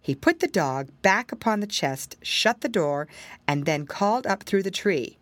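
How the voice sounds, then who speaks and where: Lively woman reading a fairy tale. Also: medium pitch, unhurried, no room sound. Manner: expressive, lively storytelling with dramatic exclamations. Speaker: storyteller. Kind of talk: fairy tale read aloud.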